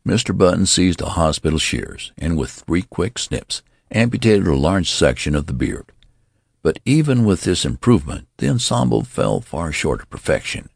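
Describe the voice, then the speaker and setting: Very deep, gravelly male narrator. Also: very animated, moderate pace, no echo, studio quality. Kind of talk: audiobook narration.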